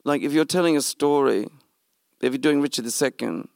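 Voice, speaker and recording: A middle-aged man, a film director telling a lively story in an interview and acting out what others said. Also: mid-range voice, fairly quick, vocal fry, no room sound, clean studio sound. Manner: animated storytelling, acts out quoted speech. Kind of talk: interview conversation.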